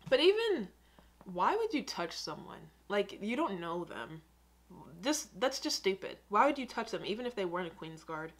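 A woman's voice: mid-range voice, sing-song, normal speed. A young American woman hosting a reaction video, chatting casually with rambling, self-mocking asides. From United States.

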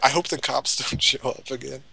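A man's voice: mid-range voice, fairly even intonation, fairly quick, vocal fry, a loud crowd, low-quality recording. A man gaming with friends in casual banter, bossy and laughing often. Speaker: game commentator.

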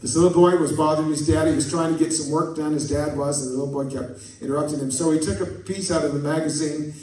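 A man's voice: on the high side, fairly even intonation, fast, warm tone. Folksy male preacher in an echoey church. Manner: folksy, tells jokes and stories, asks the congregation for amens. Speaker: pastor. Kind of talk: sermon. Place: church sanctuary. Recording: echoey church from a distant mic.

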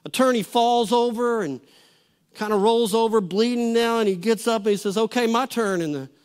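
A middle-aged pastor gives a sermon in a church auditorium. His voice sits unusually high for a man, and he talks in a folksy, storytelling way, stumbling and restarting his phrases as he goes. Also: normal speed, darkish tone, clear, resonant tone.

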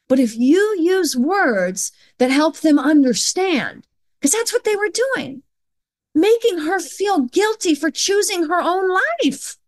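A woman's voice: high voice, darkish tone. A woman in her forties speaks as a podcast guest, telling her story earnestly and with emphasis. She slips into quoted dialogue to act out what others said. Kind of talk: conversational storytelling.

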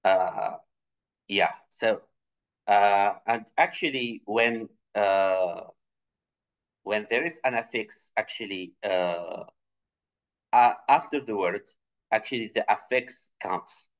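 A man's voice: slow, pauses often. A man giving an academic conference talk, explaining slides with many fillers and restarts. English is not his first language; he grew up speaking Tunisian Arabic. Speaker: conference presenter. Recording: muffled low-fidelity recording.

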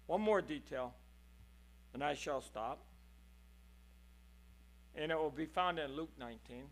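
A man preaching a sermon in a church, impassioned, moving between hushed and loud passages. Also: a little high, unhurried.

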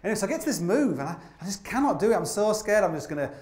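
A man's voice: high voice, big pitch swings, racing, a little mellow. A man telling rambling, comic climbing stories live on a theatre stage, full of fillers and the odd swear word. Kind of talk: live comic storytelling talk. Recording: roomy theatre sound with faint noise.

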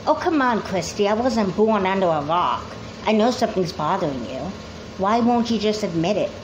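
A woman's voice: medium pitch, expressive, normal speed, lo-fi sound, background noise, close to an everyday voice. A woman voicing a persistent, pushy sister in a doll movie who keeps prying and insisting. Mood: insistent.

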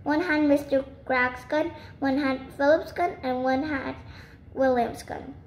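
A woman reading a children's book aloud in a steady, careful way with small slips. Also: high voice, a little slow. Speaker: reader. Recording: roomy with faint noise.

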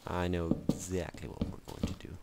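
A man with a low voice and a completely flat delivery rambles casually over a video game at a moderate pace, joking at his own expense and talking to the game and to himself. This let's-play commentary is buried in heavy background noise.

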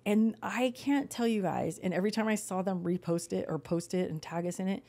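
A woman's voice: medium pitch, fairly quick, mellow. A middle-aged woman co-hosting a podcast, telling stories in a chatty, emotional way and acting out what people said. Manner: chatty storytelling, emotional, acts out quotes. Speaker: podcast co-host. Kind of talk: casual chat.

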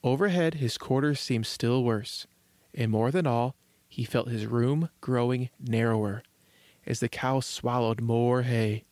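Man, storybook narration, children's podcast host, measured gentle reading, mid-pitched, dry close sound. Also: no room sound.

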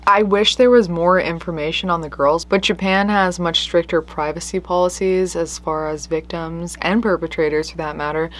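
A woman's voice: lowish voice, steady tone, normal speed, hardly any pauses. A woman hosting a true crime show, telling a case in an earnest, conversational way with emphatic stresses. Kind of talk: casual true crime storytelling.

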